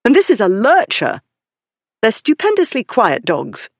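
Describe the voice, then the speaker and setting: A woman's voice: on the high side, wildly swooping pitch, measured pace, no echo, voice pushed up, heavily acted. A narrator doing a fierce young noblewoman. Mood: indignant. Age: young adult. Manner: crisp, commanding, indignant. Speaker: story character.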